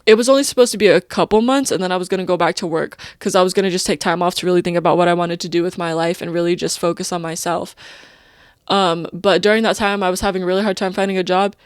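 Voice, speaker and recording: A woman's voice: fairly low pitch, steady tone, fast talker, clear, resonant tone, dry recording, studio quality. A young woman hosting a podcast, talking in a rambling, personal, stream-of-consciousness way full of "like" and "you know". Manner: emotional, openly personal. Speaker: podcast host. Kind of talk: casual confessional monologue.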